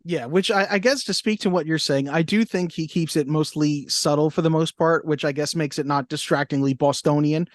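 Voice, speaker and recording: A young man co-hosting a movie podcast, joking and slipping into quick impressions. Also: a little high, fairly even intonation, dry recording, clean studio sound. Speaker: podcast co-host. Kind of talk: casual chat.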